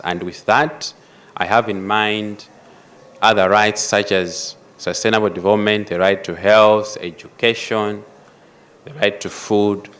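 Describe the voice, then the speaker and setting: A man giving a formal prepared speech at a conference, measured and emphatic, repeating key phrases. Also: on the low side, fairly bright tone. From Malawi. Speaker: conference speaker. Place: conference hall.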